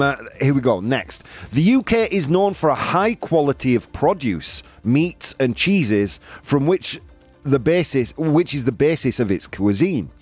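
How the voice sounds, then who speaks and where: A man hosts a casual show, reading through a list with playful asides. His mid-height voice swings widely in pitch and stays animated throughout, with faint music playing behind him. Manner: playful, jokey, frequent laughs and asides. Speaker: show host. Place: home studio.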